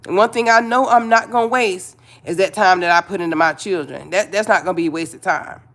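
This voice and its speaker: A woman's voice: fairly low pitch, fairly quick. Blunt, chatty woman live-streaming. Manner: chatty, blunt, repeats herself, talks to viewers. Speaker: livestream host. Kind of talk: casual live-stream chat.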